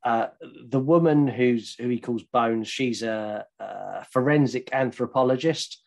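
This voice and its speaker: A man's voice: medium pitch, unhurried, creaky, darkish tone. Rambling, joking Englishman. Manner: rambling, swearing, jokey storyteller. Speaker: podcast co-host. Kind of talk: casual chat.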